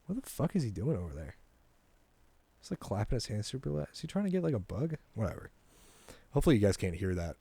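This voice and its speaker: A man's voice: on the low side, big pitch swings, fast talker, creaky, pauses often, dark tone, slightly rough, no echo. A young man hosting a comedy podcast, talking casually in a meandering way and chuckling at his own jokes. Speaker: podcast host. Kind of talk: rambling comedy podcast monologue.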